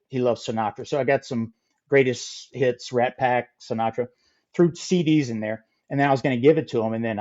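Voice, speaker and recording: A middle-aged man telling a funny story as a podcast guest, lively and acting out the people in it. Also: medium pitch, lo-fi sound. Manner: animated, acts out quoted voices. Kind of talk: casual storytelling.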